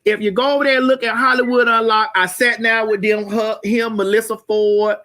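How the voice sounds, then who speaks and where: A woman hosting a morning show, delivering a loud, profane comedic rant to her viewers and bursting into shouts. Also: fairly high pitch, fairly even intonation, normal speed.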